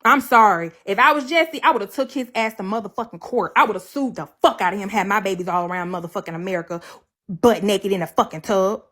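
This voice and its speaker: A woman of medium pitch talks briskly in a fairly bright tone on a livestream. Blunt and swearing often, she lays out her version of a breakup and repeats her points to hammer them in.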